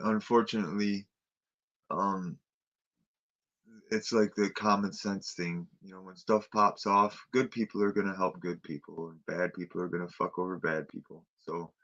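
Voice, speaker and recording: Bright-voiced profane ranting man. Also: lowish voice. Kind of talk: casual late-night chat. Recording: dull lo-fi sound.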